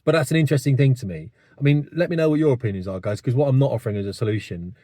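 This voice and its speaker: A man's voice: mid-range voice, expressive, racing, warm tone, no room sound, clean studio sound. A man, delivering a rambling, blunt opinion monologue to camera with many asides. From England. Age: 50s. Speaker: vlogger.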